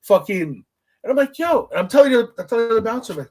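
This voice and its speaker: Animated, high-pitched man telling stories. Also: quick pace. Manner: animated, profane storytelling with big pitch swings. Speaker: podcast host. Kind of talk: casual podcast chat.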